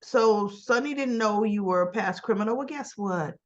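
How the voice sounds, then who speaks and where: A chatty woman recaps soap opera episodes in a sassy, conversational way. She keeps asking rhetorical questions and tags her points with little checks. She sits at a middle pitch, and the recording sounds dull and lo-fi. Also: normal speed. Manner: sassy, talks straight to the characters. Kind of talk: casual spoiler recap.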